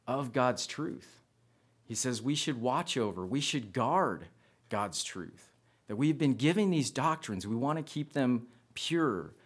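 A man delivering a sermon, telling a personal story in a conversational way and often repeating his phrases. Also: medium pitch. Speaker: preacher.

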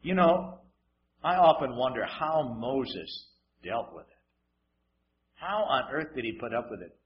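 A man preaching a sermon in a dramatic way, moving between loud emphasis and hushed asides with wry humor. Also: medium pitch, very animated, unhurried, highs cut off.

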